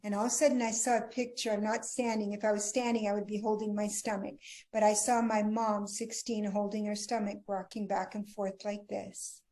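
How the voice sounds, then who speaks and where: A middle-aged woman, a marriage coach, telling her personal story earnestly in an interview, often dropping to a hushed tone. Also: medium pitch, little pitch movement, fairly quick. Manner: earnest, emotional, drops to a hushed voice at tender moments.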